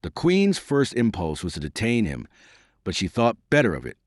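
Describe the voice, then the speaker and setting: A man performs scripted narration of a novel, telling the story in a steady, measured yet expressive manner. The lowish voice comes through a dry recording of studio quality.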